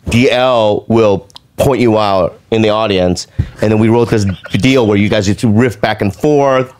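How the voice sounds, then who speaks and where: A man's voice: lowish voice, unhurried, clean tone. A man telling a long comic story in casual chat, acting out quotes and laughing often. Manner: animated, laughing, acts out quotes. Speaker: comedian guest.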